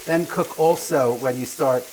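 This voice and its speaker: A man's voice: mid-range voice, unhurried, background noise. A middle-aged man hosting a cooking show in a kitchen, chatting casually and calling his guest darling. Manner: chatty, calls people darling.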